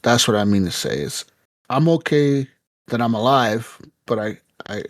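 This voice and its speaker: A man's voice: medium pitch, moderate pace, dry recording, studio quality. A man co-hosting a podcast, telling a story casually with lots of swearing and laughter, acting out quotes. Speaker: podcast co-host.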